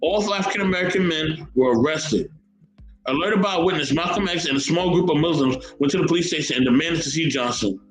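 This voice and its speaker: A man's voice: fairly high pitch, fast talker, roomy sound, faint music behind, low-quality recording. A man hosting a casual podcast, chatting and reading history aloud, often repeating his words. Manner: animated, repeats words, reads chat comments aloud. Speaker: podcast host.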